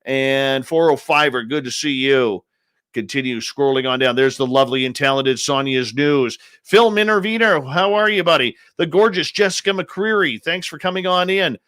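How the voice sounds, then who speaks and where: A man hosting a live radio show, greeting listeners one after another in a playful, upbeat manner with drawn-out announcer emphasis. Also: mid-range voice, a bit bright, no room sound. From Canada. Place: home studio in British Columbia.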